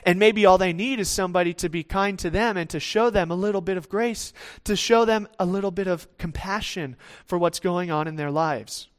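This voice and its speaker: Man, high voice, sermon, conversational preaching, acts out quotes. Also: fairly quick, few pauses.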